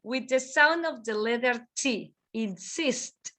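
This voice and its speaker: A woman's voice: high voice, lively intonation, unhurried, pushed and bright. A woman teaching English pronunciation in an online class, repeating each word several times for her students over a video call.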